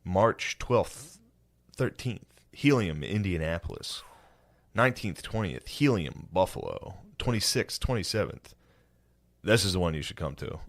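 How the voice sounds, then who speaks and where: A man co-hosting a podcast, chatting casually and telling animated stories with sudden high-pitched impressions. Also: measured pace. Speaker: podcast co-host. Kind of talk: casual chat.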